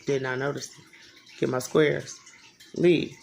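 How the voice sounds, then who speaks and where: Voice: medium pitch, fairly even intonation, a little slow, creaky, a little hiss or hum. A vlogger in their thirties telling a personal story in a casual vlog, profane and emphatic, repeating phrases for effect. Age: 30s.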